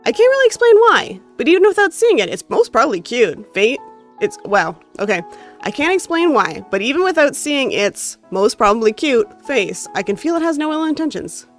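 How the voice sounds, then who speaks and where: A woman's voice: sits high, big pitch swings, moderate pace, soft background music. A woman with a North American accent streaming a game, reading its story text aloud with expression and breaking off into casual asides to chat. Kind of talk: reading a visual novel aloud while chatting with stream chat.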